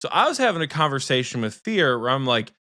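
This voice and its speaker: Animated, profane man telling a story. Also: medium pitch, no echo, studio quality. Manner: rapid bursts of speech. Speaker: podcast co-host. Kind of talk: casual storytelling chat.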